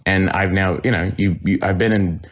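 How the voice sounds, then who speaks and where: A middle-aged man with a very low voice, a guest on a podcast. He tells his stories in an animated way, restarting his sentences and laughing as he goes. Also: moderate pace. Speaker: actor guest. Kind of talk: podcast interview anecdote.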